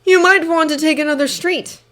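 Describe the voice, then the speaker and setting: A woman's voice: sits high, fairly even intonation, fairly quick, a bit bright, voice pushed up. A woman voicing a sly adult male ninja who teases lightly. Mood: teasing. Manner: light, playful teasing.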